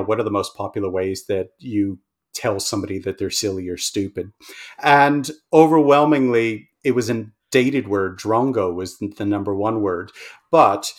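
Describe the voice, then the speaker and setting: Halting Australian man, low voice. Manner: hesitant, many ums and restarts. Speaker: language researcher guest. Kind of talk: casual interview chat.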